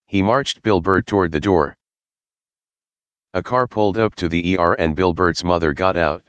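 Deep, smooth male podcast host. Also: normal speed, no room sound, highs cut off. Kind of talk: scripted story reading.

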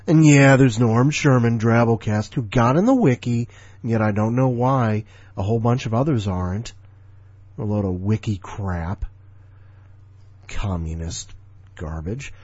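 Sardonic, husky-voiced man in his forties. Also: mid-range voice, normal speed, a little mellow, no room sound, muffled recording. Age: 40s. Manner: offhand, grumbling, sardonic. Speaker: podcast host. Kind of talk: casual rambling chat.

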